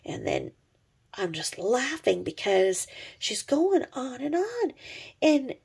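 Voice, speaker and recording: A woman's voice: a little high, big pitch swings, slow, vocal fry, a little mellow, breathy edge. A middle-aged woman giving a sarcastic, profane gossip commentary as a vlogger, mocking someone she watches online.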